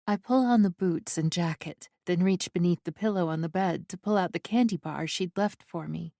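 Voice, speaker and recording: A woman narrating a first-person romance audiobook in an intimate, unhurried storytelling manner. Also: lowish voice, creaky, mellow, no room sound, clean studio sound.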